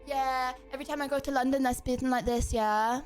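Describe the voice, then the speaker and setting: A woman's voice: sits high, fairly even intonation, fairly quick, darkish tone, clear, resonant tone, faint music behind, lightly acted. A woman putting on the voice of a cocky teenage London roadman boy, drawling and tacking "yeah" onto every phrase. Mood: mocking swagger.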